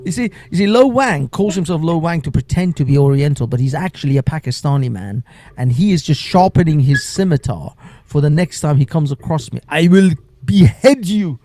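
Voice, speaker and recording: A man's voice: a little high, fairly quick, dark tone, no echo. A man hosting a late-night live stream, sleep deprived, rambling and laughing often in casual chat.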